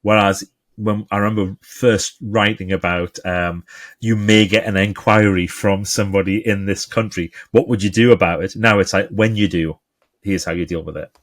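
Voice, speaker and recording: A man's voice: on the low side, moderate pace. A man with a Geordie accent, a guest author talking in an interview and acting out the people in his stories. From England. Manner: animated storyteller, acts out quoted voices. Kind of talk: conversational interview.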